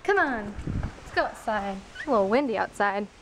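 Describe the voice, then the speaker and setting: A woman's voice: mid-range voice, expressive, fairly quick, noisy background. A teenage girl chatting casually as she films herself at home on a handheld camera, narrating what she does. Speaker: vlogger. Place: home kitchen, indoors.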